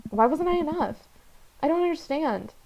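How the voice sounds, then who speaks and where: A woman's voice: sits high, lively intonation, normal speed, vocal fry, darkish tone, lo-fi sound, a little hiss or hum, voice pushed up. A woman voicing an upset teenage girl who rambles indignantly to her dad about her friends. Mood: hurt.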